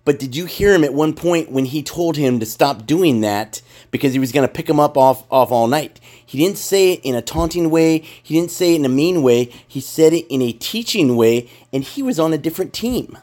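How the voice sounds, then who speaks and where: A man's voice: a little high, animated, fairly quick, few pauses, darkish tone. A man in casual podcast chat, rambling and emphatic, swearing freely as he makes his points.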